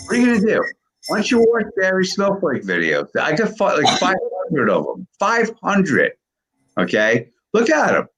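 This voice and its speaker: A man in his sixties with a gravelly voice, rambling and swearing constantly in casual chat. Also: a little high, huge pitch swings, normal speed, a bit bright, faint music behind, low-quality recording. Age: 60s. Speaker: video creator on a live call.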